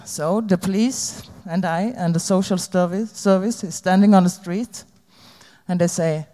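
A woman giving a candid, halting personal testimony about her recovery to an audience. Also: fairly low pitch, steady tone, dark tone. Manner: halting, candid, plain-spoken. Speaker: recovering addict sharing her story. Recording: long hall reverb.

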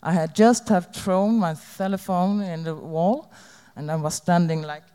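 A woman giving a candid, halting personal testimony about her recovery to an audience. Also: fairly low pitch, mellow, smooth. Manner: halting, candid, plain-spoken. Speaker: recovering addict sharing her story. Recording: long hall reverb.

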